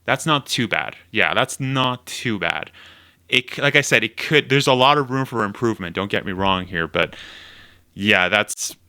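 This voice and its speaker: A man's voice: on the low side, expressive, moderate pace, sharp tone, clear, resonant tone. A man hosting his own video, giving casual reaction commentary while thinking aloud, rambling with lots of fillers. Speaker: YouTube host.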